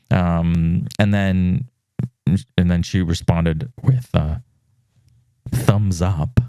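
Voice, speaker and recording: A male podcast host with a deep, clean-toned voice tells a dating story in a casual monologue, drawing out his words and pausing often. He's an animated storyteller who acts out the quoted texts and uses lots of fillers. There's no room sound.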